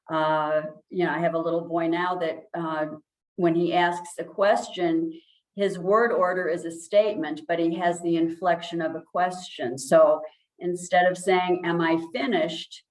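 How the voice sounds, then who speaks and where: Low-voiced woman explaining in an echoey room. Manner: calm, explanatory, many ums and restarts. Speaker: speech language pathologist. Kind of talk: informal presentation.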